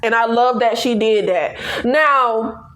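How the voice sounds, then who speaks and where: A woman casually reviewing a TV episode, animated and playful, laughing often and using slang. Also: on the high side, takes it slowly. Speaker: TV recap reviewer.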